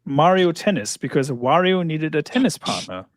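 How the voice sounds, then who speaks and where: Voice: medium pitch, very animated, normal speed, no room sound, clean studio sound. A guest panelist on a live stream, chatting casually and joking, often drifting into trivia.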